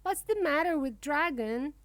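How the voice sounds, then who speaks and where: A woman's voice: sits high, big pitch swings, takes it slowly, gravelly, a bit bright, dry recording, heavily acted. A woman voicing a playful little ostrich girl who talks eagerly in a storybook reading.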